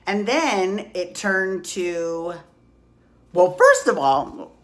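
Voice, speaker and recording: A woman in her forties recapping reality TV in a gossipy, profane, excitable way, recorded on a phone at home. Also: mid-range voice, extremely slow. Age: 40s. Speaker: podcast host. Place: hot room at home.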